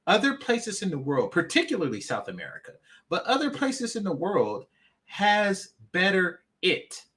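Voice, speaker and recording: A man's voice: high-pitched, wildly swooping pitch, normal speed, fairly bright tone. A man hosting a reaction commentary, emphatic and mocking, often repeating himself. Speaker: commentary channel host.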